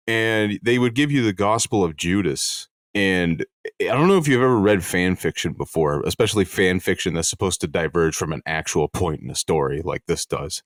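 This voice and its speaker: A man co-hosting a comedy podcast, deadpan and mock-solemn in casual chat. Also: sits low, moderate pace, no room sound, studio quality. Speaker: podcast co-host.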